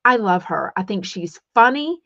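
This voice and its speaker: Chatty and meandering, this middle-aged Texas woman hosts a casual livestream podcast in a Texan accent, restarting often and leaning on fillers. Her medium-pitched voice is expressive, bright and forceful at normal speed. It's captured dry and lo-fi, with a dull tone and no room sound.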